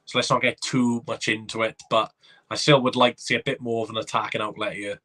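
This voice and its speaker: A man hosting a live reaction watchalong, excitable and chatty, reading viewer comments aloud. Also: medium pitch, brisk. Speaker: fan watchalong host.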